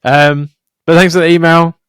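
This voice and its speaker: A young man co-hosting a podcast, telling stories in a sweary, animated way. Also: a little high, normal speed, clear, resonant tone, dry recording, clean studio sound. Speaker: podcast co-host. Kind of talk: casual podcast chat.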